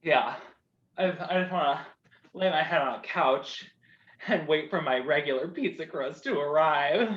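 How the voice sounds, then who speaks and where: A man's voice: a little high, unhurried, a bit bright, echoey room, highs cut off. A man playing a gloomy, whiny male dog in an online improv comedy scene. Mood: mopey. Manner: complaining, mopey.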